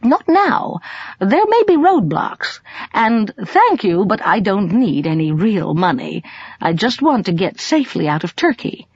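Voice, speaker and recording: A woman voicing a plucky older grandmother caught up in espionage, speaking softly and earnestly. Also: medium pitch, big pitch swings, a little slow, slightly rough, no room sound, highs cut off, exaggerated voice. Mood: sad.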